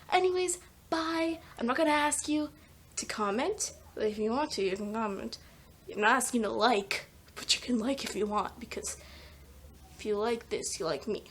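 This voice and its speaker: A woman's voice: fairly high pitch, husky. A teenage girl in a casual comedic vlog, rambling and self-mocking, sometimes dropping into whispers, filmed on a phone at home. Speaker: vlogger. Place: home, by a sunny patio door. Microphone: phone camera taped to a patio door.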